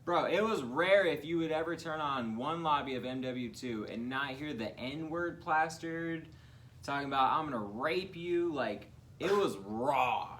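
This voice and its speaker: A young man co-hosting a casual comedy podcast, a loud, laughing storyteller who acts out quotes in raised voices. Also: medium pitch, a little slow. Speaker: podcast co-host.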